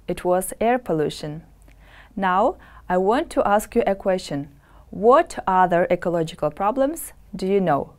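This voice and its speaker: Woman, English teacher, slow careful drilling, mellow low-key tone. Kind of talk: televised classroom lesson.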